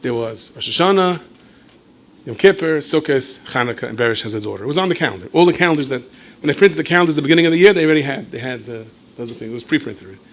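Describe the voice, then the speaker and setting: A man's voice: mid-range voice, expressive, rapid-fire. A man, a rabbi, telling a story in a lecture with playful asides and acted dialogue.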